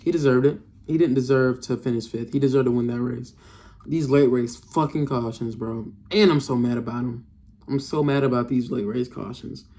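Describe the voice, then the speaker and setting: A man's voice: mid-range voice, steady tone, normal speed, dark tone. A young man reviewing a race in a casual, frustrated rant, slangy and profane, repeating himself often.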